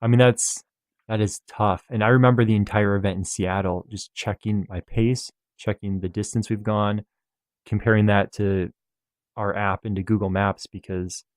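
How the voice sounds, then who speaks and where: Deep-voiced man, thoughtful and hesitant. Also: steady tone, moderate pace, dry recording. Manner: thoughtful, hesitant, restarts sentences. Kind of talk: casual podcast chat.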